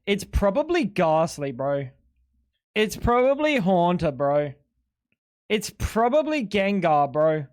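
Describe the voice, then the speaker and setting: A streamer riffing live to chat while playing, with a voice of ordinary middle pitch. The delivery is excitable and profane, swinging between loud outbursts and self-mocking mumbles. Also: slow pace, smooth.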